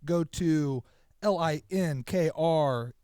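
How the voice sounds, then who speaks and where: A man's voice: on the high side, slow pace, dark tone, smooth, no echo, clean studio sound. Rambling talky podcast co-host, man. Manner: rambling, stop-start storyteller. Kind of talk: casual chat.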